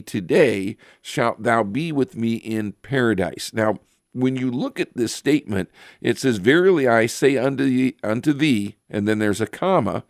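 Low-voiced man teaching from the Bible. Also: no echo, clean studio sound. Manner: explanatory, reads scripture aloud, frequent filler pauses.

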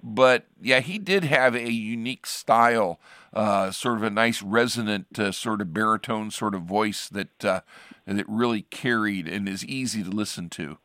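A man's voice: fairly low pitch, normal speed, fairly bright tone, no room sound, clean studio sound. A man hosting a radio program as a pastor, chatting casually and rambling with frequent restarts. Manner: rambling, restarts sentences often. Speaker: radio show host, pastor.

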